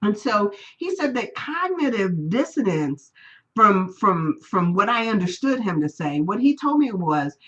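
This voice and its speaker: A woman's voice: mid-range voice, very animated, a little slow, fairly bright tone, muffled recording. A woman teaching a spiritual class, telling personal stories in a chatty way and acting out the people she quotes. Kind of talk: live-streamed class talk, personal stories.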